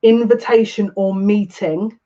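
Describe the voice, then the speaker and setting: Warm in tone and medium in pitch, this UK tarot reader keeps a fairly even intonation and a measured pace through a collective reading. Still, they come across as overwhelmed and emotional, frequently breathless and beginning sentences again. The sound is slightly muffled and lo-fi.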